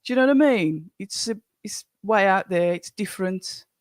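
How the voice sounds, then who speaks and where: Birmingham accent, livestream host, casual chatty commentary, mid-pitched voice, dry close sound. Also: animated, moderate pace, no echo. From Birmingham, England. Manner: chatty, rambling, greets viewers by name. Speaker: livestream watch-along host. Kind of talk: casual live commentary and chat reading.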